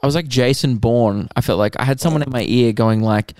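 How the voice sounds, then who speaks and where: A young Australian man, a comedian and podcast co-host, telling a story in an animated, swearing, act-it-out way. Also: medium pitch, brisk, no room sound. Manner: animated, swears freely, acts out quotes.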